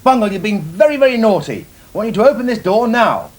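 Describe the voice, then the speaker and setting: A man's voice: high voice, sing-song, fast talker, a little hiss or hum. A man presenting a children's show, coaxing and scolding in a parental way. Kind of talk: acted children's TV scene.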